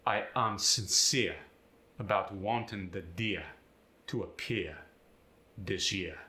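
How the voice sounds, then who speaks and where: A man putting on a West African accent, speaking example sentences slowly and deliberately and stressing every syllable. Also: low voice, sharp tone, reverberant, heavily acted. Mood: demonstrating.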